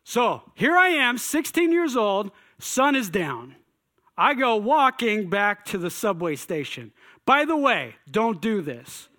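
Animated, bright-voiced man telling a story. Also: high-pitched, slow pace. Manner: animated, exclaiming, acts out his own past thoughts. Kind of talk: personal testimony story.

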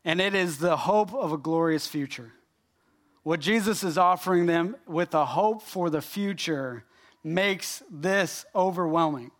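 A man preaching a sermon, animated and emphatic, speaking directly to his congregation. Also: fairly high pitch, unhurried. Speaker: pastor.

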